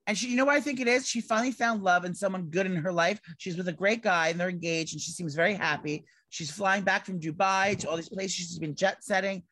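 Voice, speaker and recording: A man co-hosting a casual gossip podcast, rambling and excitable, swearing casually. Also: sits high, fast, few pauses, no room sound. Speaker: podcast co-host.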